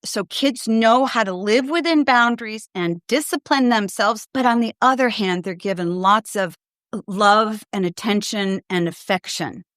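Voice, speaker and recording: Here the same podcasting pediatrician, an older woman, takes caller questions at a measured pace and medium pitch. Her advice is straightforward and good-humored, peppered with acted-out quotes from kids and parents, and the studio-quality audio has no echo.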